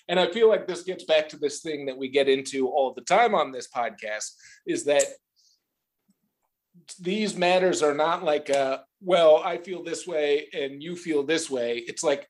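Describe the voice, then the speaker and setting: A man hosting a political podcast, talking casually and sarcastically, often mimicking others in exaggerated voices. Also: fairly high pitch. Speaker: podcast host.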